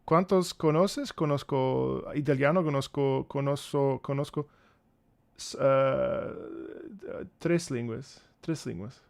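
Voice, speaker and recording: A man's voice: mid-range voice, takes it slowly, gravelly. A man in his thirties, a streamer and opera singer, chatting casually and playfully with his viewers and stumbling through greetings in other languages. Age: 30s. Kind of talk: casual live-stream chat.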